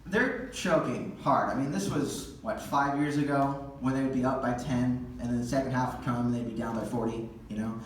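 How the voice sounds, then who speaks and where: A man's voice: medium pitch, moderate pace, hardly any pauses, slight background noise. A male stand-up comedian telling crude, rambling stories with lots of fillers. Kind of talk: stand-up set. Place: comedy theater stage. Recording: echoey theater recording from far off.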